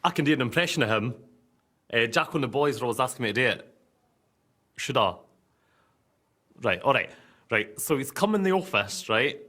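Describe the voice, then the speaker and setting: A man's voice: mid-range voice, expressive, moderate pace, pauses often, bright, forceful tone. An actor playing a cheerful, dim, boastful young army man with a Scottish accent, chatty and easily sidetracked. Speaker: soldier in a sitcom. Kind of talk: sitcom acting.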